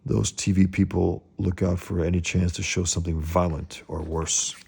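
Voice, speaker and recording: A gruff, blustering father with a low, gravelly voice, put on by a man reading a comic aloud. He barks at his son in a hectoring tone, pitched a little above the reader's own dark, husky voice. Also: little pitch movement, normal speed, heavily acted. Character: blustering bullying middle-aged father.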